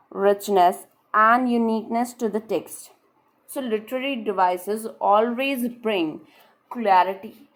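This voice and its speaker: A young woman with an Indian English accent giving an online literature lecture for exam preparation, explaining patiently and repeating key points. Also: a little high. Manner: explains patiently, repeats points, often says "all right then". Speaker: literature teacher.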